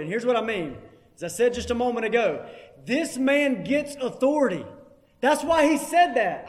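A man preaches with emphasis, driving his points home by repeating them. His voice sits very high for a man. It rings out with a long reverb, as in a large hall. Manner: emphatic, repeats key phrases. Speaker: pastor. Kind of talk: sermon.

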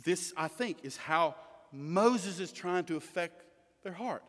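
Male preacher, bright high voice, emphatic delivery shifting from quiet to forceful, long reverb of a hall. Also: lively intonation, slow pace. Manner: emphatic, swings from hushed to loud. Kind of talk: sermon.

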